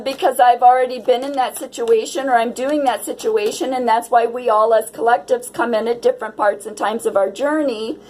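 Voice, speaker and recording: A woman's voice: a little high, a little mellow, a little hiss or hum, low-quality recording. A woman giving a casual tarot reading to her viewers, dreamy and exclamatory. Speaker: tarot reader.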